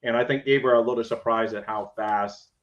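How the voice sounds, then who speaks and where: A man's voice: medium pitch, steady tone, brisk, muffled recording. A man co-hosting a casual sports talk show in an easygoing, agreeable way, with many "you know" fillers. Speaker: podcast co-host.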